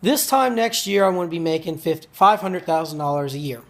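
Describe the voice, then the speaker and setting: A man's voice: on the high side, animated, fairly quick. A man talking straight to camera in a rambling, frank vlog monologue, swearing freely as he thinks aloud about money and goals. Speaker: entrepreneur vlogger.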